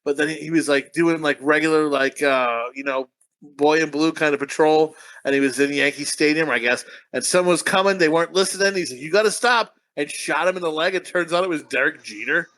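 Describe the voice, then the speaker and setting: A man co-hosting a casual podcast chat, talking fast, skipping words and acting out characters' lines as he retells a story. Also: fairly high pitch, fairly bright tone. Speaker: podcast co-host.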